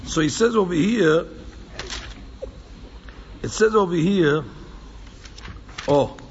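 A man teaching a Torah class to a small group in an animated way, repeating phrases for emphasis and mixing in Hebrew quotes. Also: high voice, slow. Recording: echoey hall, dull lo-fi sound with faint background hum.

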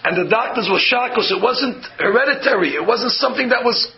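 A rabbi preaches in a high voice, swinging into the voices of the people in his tales. The recording sounds dull and muffled. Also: a little fast, creaky. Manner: animated storytelling, acts out quoted voices. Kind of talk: sermon with anecdotes.

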